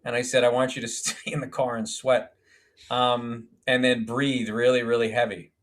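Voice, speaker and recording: A man's voice: mid-range voice, flat delivery, moderate pace. A man, a filmmaker guest on a podcast, telling stories animatedly, acting out quotes and swearing casually. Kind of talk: podcast storytelling.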